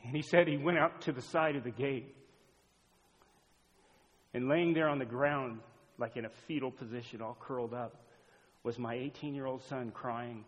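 A middle-aged man preaching a sermon as a pastor, swinging between loud urgent appeals and hushed storytelling. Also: medium pitch, steady tone, normal speed, long pauses. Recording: echoey hall, dull lo-fi sound.

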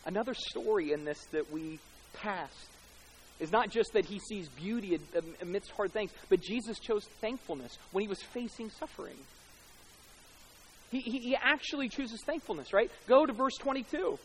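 A man preaching a sermon as pastor, swelling louder and slower on key points. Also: slight background noise, rough recording. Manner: rises in pitch and loudness for emphasis, slows on key words.

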